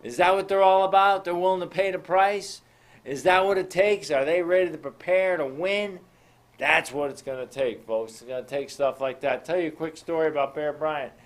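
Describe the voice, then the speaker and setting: A man's voice: on the high side, moderate pace. A man hosting a show, telling motivational stories and asking the listeners rhetorical questions. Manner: preachy, addresses listeners as folks, asks rhetorical questions. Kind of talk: motivational storytelling talk.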